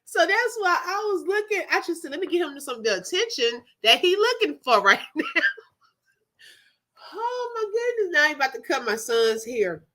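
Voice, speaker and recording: A woman's voice: very high voice, moderate pace. A woman, hosting a casual live chat and telling a story with frequent laughter. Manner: laughs often, animated storytelling, talks to chat. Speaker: livestream host.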